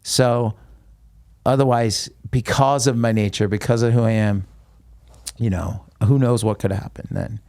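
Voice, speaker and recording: A man, a guest musician, recounting a personal story in an interview, halting with frequent restarts. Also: mid-range voice, steady tone, dark tone, no room sound, clean studio sound.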